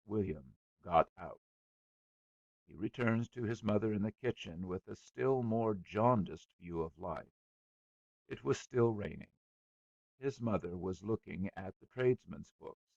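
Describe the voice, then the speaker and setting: A male audiobook narrator with a low, gravelly voice reads in a slow, measured style. His pitch moves in a lively way through the sentences. The recording is dry and slightly dull. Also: no echo. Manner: measured, expressive reading. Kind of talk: scripted narration.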